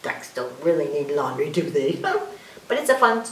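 A woman leading a children's story time, reading aloud in a sing-song, expressive way and coaxing the young listeners with questions. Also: low voice, normal speed. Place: library room. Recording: roomy, distant mic with faint hiss.

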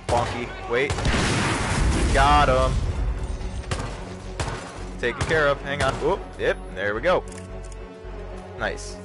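A man's voice: medium pitch, takes it slowly, pauses often, music in the background. Jokey young man narrating gameplay. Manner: jokey, excitable, sudden yelps. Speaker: livestream host. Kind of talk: casual gameplay commentary.

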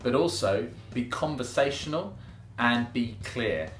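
A man who presents on television, giving presenting tips in a calm, conversational, measured way. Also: medium pitch, echoey room, faint music behind. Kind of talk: relaxed instructional talk with mock news reads.

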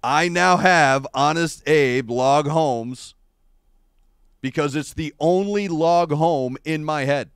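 A middle-aged man hosting a casual livestream chat, telling rambling, wry and animated stories into a streaming microphone. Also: on the high side, slow pace, clear, resonant tone, dry recording, studio quality. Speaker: show host. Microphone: adjustable streaming microphone.

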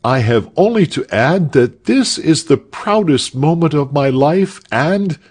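A man's voice: fairly high pitch, animated, a little slow, darkish tone, husky, pitched above the performer's own voice. A man voicing a modest hero archer, bashful at first, then delivering a proud, grand speech. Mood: proud speechmaking.

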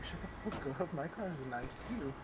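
A man's voice: on the high side, lively intonation, normal speed, background noise. A man chatting casually while playing a game with friends, joking with playful comebacks. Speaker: gaming co-player. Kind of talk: casual gaming chat.

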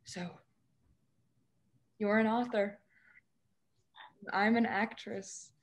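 A young woman playing a troubled young actress in a stage drama over a video call, emotional and often dropping to a hushed near-whisper. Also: medium pitch, fairly even intonation, very slow. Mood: weary. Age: young adult. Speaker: student actor. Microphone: video call microphone.

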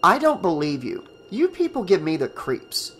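A sneering teenage girl, as a male audiobook narrator puts her on snaps back with open scorn. Her voice sits a little higher than his plain reading. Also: wildly swooping pitch, normal speed, fairly bright tone, soft background music, full character voice. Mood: snarky. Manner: snappish, scornful. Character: snarky, dismissive teenage girl.

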